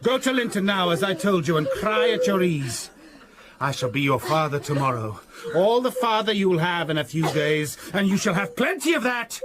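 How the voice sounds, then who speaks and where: An actor playing a brooding, vengeful master in a radio drama, sardonic and commanding, breaking into angry shouts. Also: male voice, sits high, big pitch swings, normal speed, very noisy. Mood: cruel.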